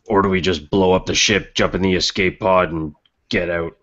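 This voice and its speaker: A very deep-voiced man talks casually in character at the gaming table. The sound is dull and lo-fi. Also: steady tone, normal speed, fairly bright tone. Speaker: player.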